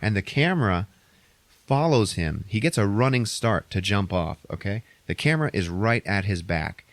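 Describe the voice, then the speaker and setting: A man's voice: on the low side, animated, moderate pace, no room sound. A young man hosting a podcast, recapping a movie in a rambling, swear-heavy casual way. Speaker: podcast host.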